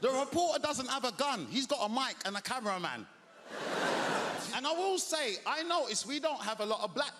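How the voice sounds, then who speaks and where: A British man doing a stand-up routine with lively, mock-newsreader delivery. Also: extremely high pitch, normal speed, heavy background noise. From Britain. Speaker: stand-up comedian. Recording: long reverb of a large hall.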